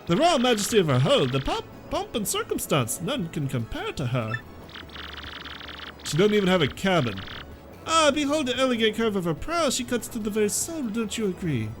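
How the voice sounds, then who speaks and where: A man's voice: high-pitched, wildly swooping pitch, moderate pace. A man voicing a pompous, flamboyant merchant sailor in a vague, made-up foreign accent, reading game dialogue over music. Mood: boastful. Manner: grandiose, theatrical, vague foreign-sounding accent.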